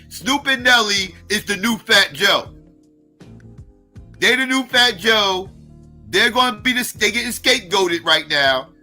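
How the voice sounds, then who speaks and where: A man hosting a live stream, reacting in a heated, profane rant with repeated, drawn-out emphasis. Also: high-pitched, pushed and bright.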